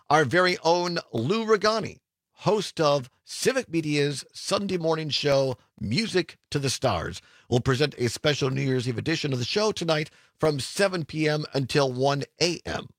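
A man hosting a radio talk show in casual, upbeat chat, laughing easily and slowing down for phone numbers. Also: on the high side, a bit bright, no echo.

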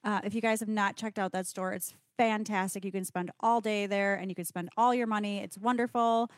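A woman's voice: mid-range voice, steady tone, fairly quick, no echo, studio quality. A woman chatting and giggling on a casual chat show. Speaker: co-host.

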